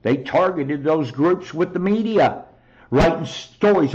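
A man's voice: on the high side, lively intonation, unhurried, darkish tone, lo-fi sound. Man ranting angrily on a talk show. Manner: angry, profane ranting. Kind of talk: heated monologue.

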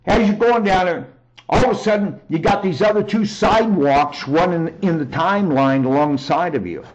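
A man giving a rambling, emphatic personal testimony on a talk show, often raising his voice to near shouting. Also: sits high, moderate pace, dull audio.

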